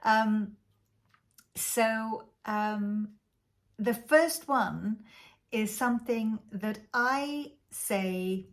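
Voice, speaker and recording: Slow-talking Welsh woman teaching Welsh. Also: on the high side. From Wales. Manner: chatty, thinking aloud with many fillers and restarts. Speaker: language teacher. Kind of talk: casual vlog lesson.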